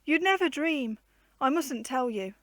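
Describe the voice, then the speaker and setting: A woman voicing an excited little girl in a storybook reading, calling out high and eager. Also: drawn-out words, no echo, clean studio sound, full character voice.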